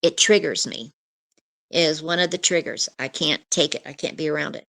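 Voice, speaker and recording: A woman's voice: low-pitched, fairly quick, vocal fry, a bit bright. A middle-aged woman, an interview guest, earnestly recounting a frightening personal encounter, with many asides. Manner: earnest, emotional storytelling with many "you know" asides.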